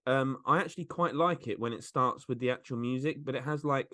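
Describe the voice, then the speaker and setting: A man's voice: mid-range voice, fairly quick, pushed and bright, no echo. Chuckling man on a podcast, dry sound. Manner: laughs often while recounting. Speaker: podcast co-host. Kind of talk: casual chat.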